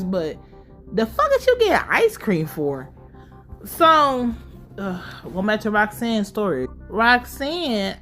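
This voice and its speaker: A woman casually recapping a TV episode, animated and profane, acting out the characters' lines in her own voice. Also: mid-range voice. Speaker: podcast host recapping a TV episode.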